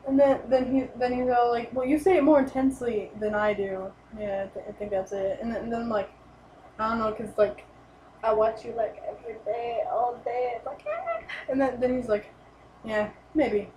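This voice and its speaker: A woman's voice: a little high, normal speed. Rambling young woman in an echoey room. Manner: rambling, excited, lots of "like" and "and then". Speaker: vlogger. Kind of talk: casual storytelling. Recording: echoey room, light noise.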